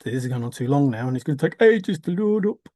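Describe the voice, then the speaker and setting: A man's voice: fairly high pitch, animated, fast talker, warm tone, dry recording, clean studio sound. Rambling man thinking aloud. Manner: musing aloud, wandering, swears casually, laughs to himself. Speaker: vlogger. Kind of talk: rambling monologue.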